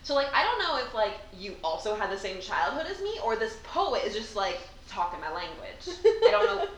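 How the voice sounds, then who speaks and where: A woman whose voice swoops lively up and down, playful and teasing, laughing often. She sounds a little off-mic in an echoey room with a faint hiss behind her. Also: a little high, moderate pace, distant mic. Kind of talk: casual chat and poem reading.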